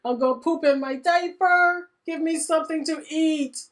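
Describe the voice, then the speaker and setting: Cranky toddler, high and whiny, demanding food; a woman doing the voice. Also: unhurried. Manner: pleading, whiny, rising to demanding.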